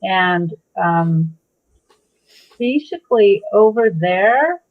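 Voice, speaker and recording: A woman medium describing spirit impressions, halting and searching for her words. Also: mid-range voice, lively intonation. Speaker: psychic medium guest. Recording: tinny phone-like line.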